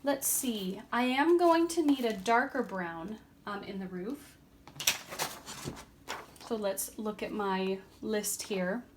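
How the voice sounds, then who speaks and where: A woman vlogger giving a casual, chatty craft tutorial at home, relaxed, with frequent ums and a tired, yawning edge. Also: medium pitch, slow pace, noisy background. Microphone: camera on a tripod.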